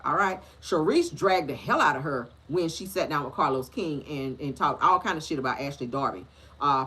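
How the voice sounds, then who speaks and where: A woman hosting a casual celebrity gossip show, talking in a sassy, slangy, animated way with a husky voice. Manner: animated, sassy, slangy, lively pitch swings.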